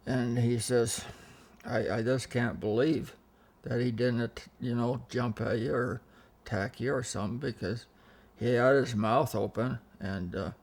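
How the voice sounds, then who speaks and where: Here the older storyteller's voice sounds gravelly and rather dark at a medium pitch as he spins loose family anecdotes in a relaxed interview. He frequently begins sentences again and quotes what people told him.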